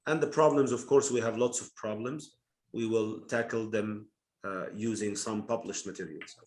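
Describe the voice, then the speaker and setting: A man's voice: on the low side, steady tone, normal speed. A man teaching an online class over a video call, explaining patiently step by step and repeating key terms.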